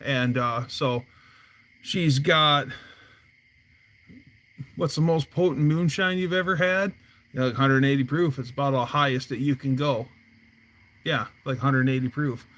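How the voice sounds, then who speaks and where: A man's voice: mid-range voice, unhurried, long pauses, fairly bright tone. A man hosting a casual livestream from outdoors by his garage, telling rambling stories full of fillers. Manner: rambling storyteller, many fillers. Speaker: livestream host. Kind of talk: casual chat.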